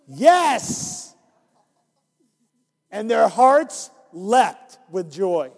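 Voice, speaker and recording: A man with a high voice reads an interactive Bible story to children at a measured pace, speaking as their minister. He sounds animated and keeps coaxing the kids to join in. The recording has a long hall reverb.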